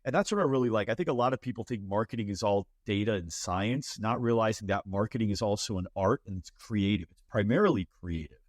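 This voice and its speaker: A man hosting a casual interview, playful and quick to laugh. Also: lowish voice, dry recording, studio quality. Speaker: podcast host.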